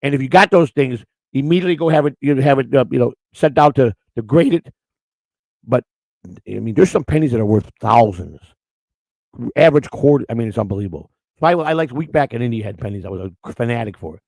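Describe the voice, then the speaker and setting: Middle-aged guy rambling stories fast, gravelly voice, dry close sound, loud and outspoken. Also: medium pitch, animated, no echo, low-quality recording. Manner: outspoken, rambling with many restarts. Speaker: host. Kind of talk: casual storytelling on camera.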